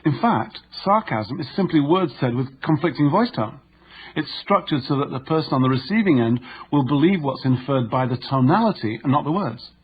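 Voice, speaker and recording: A man's voice: medium pitch, expressive, slightly rough, muffled recording. Man reading a self-help audiobook. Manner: measured, instructive reading. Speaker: audiobook narrator. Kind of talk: scripted nonfiction narration.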